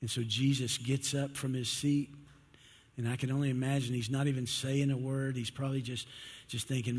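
A man's voice: mid-range voice, little pitch movement, normal speed, husky, in a large hall. A man preaching a sermon in a folksy, storytelling way, acting out the disciples as he retells the scene.

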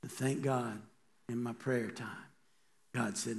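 A man's voice: medium pitch, steady tone, takes it slowly, gravelly, a little hiss or hum. A middle-aged man, a pastor, preaching a sermon in a conversational way and asking the congregation rhetorical questions.

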